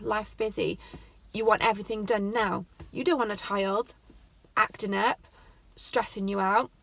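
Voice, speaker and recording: A woman's voice: mid-range voice, vocal fry. A woman, talking earnestly to camera about how parents speak to their children. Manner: earnest, heartfelt, pleading. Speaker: parenting vlogger. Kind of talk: casual talk to camera.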